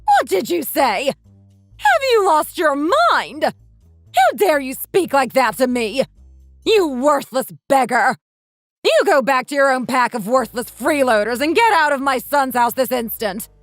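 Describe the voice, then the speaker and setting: A woman's voice: high voice, big pitch swings, normal speed, hardly any pauses, no echo, soft background music. A woman voicing a spiteful, domineering mother-in-law around sixty who scolds and insults, in a dramatized text-story reading. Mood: furious.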